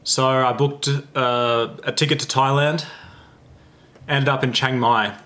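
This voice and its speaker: A young Australian man and holistic lifestyle coach telling a story to camera in a chatty, animated way, often restarting his sentences. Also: medium pitch, takes it slowly, slight background noise. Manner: animated, self-interrupting, chatty.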